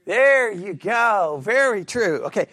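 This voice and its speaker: A middle-aged man with a high voice leads a Bible study lesson, talking in a chatty way and checking often that the class follows. He drops into a low mumble to act out sarcastic replies. The sound is close and dry. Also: very animated, slow, sharp tone, no room sound.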